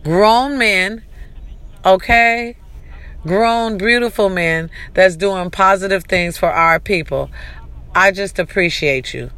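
Lively woman giving a casual pep talk. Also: medium pitch, slow pace. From California. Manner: chatty, animated, calls out to the audience. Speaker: vlogger. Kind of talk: casual motivational talk to camera.

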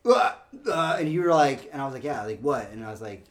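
A man hosting a casual chat, telling stories with laughs and quick impressions of coworkers. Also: mid-range voice. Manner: storytelling, laughs often, imitates coworkers. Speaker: podcast host.

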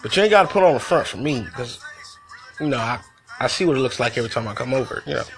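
Male host, gravelly voice, mid-range pitch, loose profane venting monologue. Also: expressive, quick pace, a bit bright, faint music behind. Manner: profane, conversational, loose storytelling. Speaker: podcast host. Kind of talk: casual venting story.

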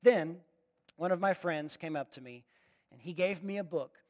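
Male speaker with a high voice for a sermon, animated and direct with the crowd, dramatic swings in volume. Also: normal speed. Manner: animated, swings from loud exclamations to quiet asides; addresses the audience directly with questions. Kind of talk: storytelling sermon.

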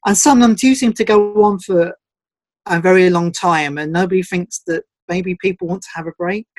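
A man from England with an English accent, reading his own rhyming poems aloud on a video call, with a steady rhythmic delivery. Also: sits high, normal speed, no echo. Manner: rhythmic rhyming recital, shifting from solemn to playful. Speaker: poet at an online open mic. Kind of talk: spoken word poetry reading.

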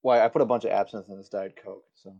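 A man co-hosting a podcast in casual, profane chat, joking crudely and deadpan. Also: fairly low pitch, fast talker, gravelly, lo-fi sound. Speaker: podcast co-host.

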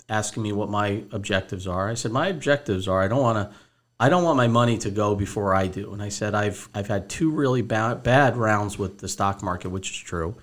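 Man, podcast host, lower voice, lively storyteller, plays both sides of a call. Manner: animated, acts out both sides of a phone call. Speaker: podcast host, financial advisor. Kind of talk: casual storytelling to listeners.

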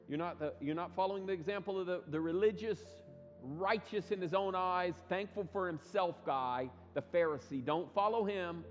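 A man preaching a sermon, telling stories with lively acted quotes and frequent restarts. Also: a little high, in a large hall. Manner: animated storytelling with acted quotes, many restarts. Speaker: pastor.

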